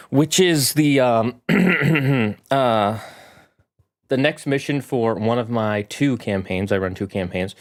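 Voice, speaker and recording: A man hosts a casual live stream about preparing tabletop games. He talks in a chatty, animated, rambling way with a mid-range voice. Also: medium pitch. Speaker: game master streamer.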